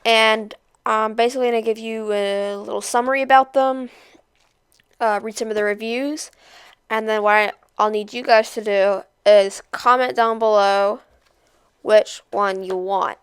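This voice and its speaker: A young woman casually introducing, then reading a novel aloud with expressive character voices. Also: fairly high pitch, measured pace, clean tone, no room sound. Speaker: read-aloud host.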